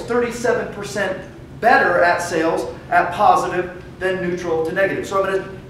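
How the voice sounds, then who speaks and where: A man giving an energetic motivational speech to a live audience, leading the crowd in shouted affirmations. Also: high-pitched. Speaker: motivational speaker. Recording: echoey room, far from the mic, loud music behind.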